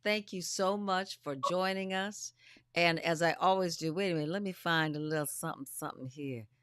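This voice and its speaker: A woman's voice: on the low side, moderate pace, clean tone, dry recording, studio quality. A woman hosting a show, chatting affectionately with a guest and calling her honey and darling. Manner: warm, gushing, calls people honey and darling. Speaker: host. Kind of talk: affectionate casual chat.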